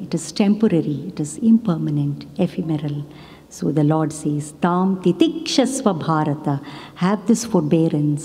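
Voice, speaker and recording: A woman's voice: fairly low pitch, warm tone. A woman giving a devotional talk with stories, earnest and often adding "you know" and "isn't it". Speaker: devotional speaker. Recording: long hall reverb.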